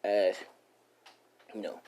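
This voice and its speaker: A man's voice: very slow, warm tone, a little hiss or hum, low-quality recording. A man improvising a fan story, rambling with lots of fillers. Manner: rambling, full of fillers and 'and he's like'.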